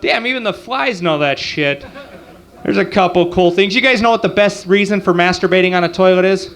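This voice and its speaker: A man's voice: high-pitched, a little fast, fairly bright tone. A man in his forties doing a profane stand-up comedy routine, talking casually with the crowd on a club stage. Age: 40s. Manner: profane, crude, conversational with crowd asides.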